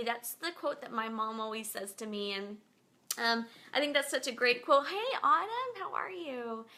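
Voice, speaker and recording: A chatty woman talks to her viewers from home, rambling through a story with plenty of ums and likes. Her voice sits high and sounds bright and clear. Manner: chatty, rambling with many fillers. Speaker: podcast host. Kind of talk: casual chat to viewers. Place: at home beside her bed.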